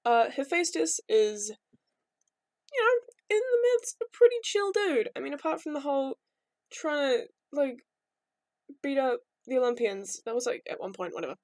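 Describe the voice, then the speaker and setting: A young woman tells myths in a loose, irreverent vlog ramble. Her voice sits high and bright. The sound is close and dry, with no room around it. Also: big pitch swings, moderate pace, no echo. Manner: rambling, irreverent, jokey asides. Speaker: vlogger. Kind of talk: casual storytelling.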